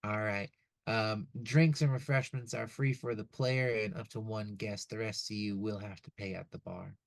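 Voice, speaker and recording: A man narrating as game master in a relaxed way, with lots of ums and uhs. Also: lowish voice, moderate pace, vocal fry, dry recording. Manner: relaxed, many fillers.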